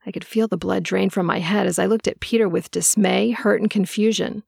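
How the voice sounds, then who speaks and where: A woman narrating a first-person audiobook with a measured reading. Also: medium pitch, steady tone, creaky, darkish tone, slightly rough, dry recording, clean studio sound.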